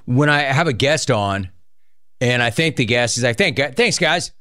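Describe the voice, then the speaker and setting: A man hosting a call-in radio show, bantering and teasing callers in a joking, animated way. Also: mid-range voice, normal speed, clean tone, dry recording, clean studio sound. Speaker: sports radio host.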